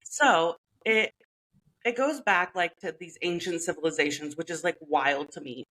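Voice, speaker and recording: Low-voiced chatty woman podcaster. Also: moderate pace, fairly bright tone, low-quality recording. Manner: chatty, playful, laughs often, many "like" fillers. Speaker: podcast co-host. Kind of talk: casual chat.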